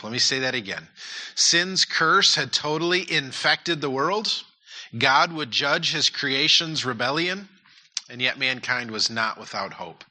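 Bright-voiced earnest male pastor. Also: medium pitch. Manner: earnest, repeats key points for emphasis. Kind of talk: sermon and prayer.

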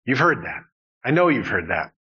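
A male pastor delivers an earnest sermon, his voice bright and a little husky. He leans on repetition to build his points. The sound is slightly dull, like a modest church recording. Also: mid-range voice, very animated, normal speed. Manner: earnest, emphatic preaching with repetitions.

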